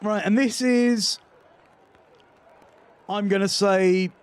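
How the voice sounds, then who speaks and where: A man's voice: high-pitched, fairly even intonation, extremely slow, clean tone, some chatter behind. A British man hosting a reaction video, giving casual commentary with wry, sarcastic asides. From Britain.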